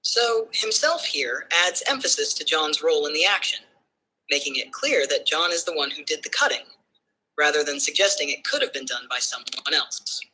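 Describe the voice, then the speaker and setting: A male-sounding AI voice assistant giving measured, smooth explanations. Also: on the high side, expressive, pushed and bright, rough recording. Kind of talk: explanatory answers.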